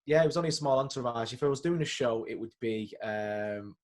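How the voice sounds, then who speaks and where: A man, a guest chatting casually over a video call and telling animated stories. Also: medium pitch, a little fast. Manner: chatty, animated storyteller, lots of fillers and restarts. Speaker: guest, singer and actor. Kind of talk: casual interview chat.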